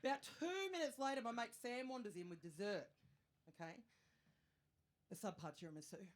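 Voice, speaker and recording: A woman in her thirties with an Australian accent, performing a stand-up comedy set, chatty and self-mocking with quick asides to the crowd. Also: on the high side. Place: comedy venue stage with live audience. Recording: live show with audience noise.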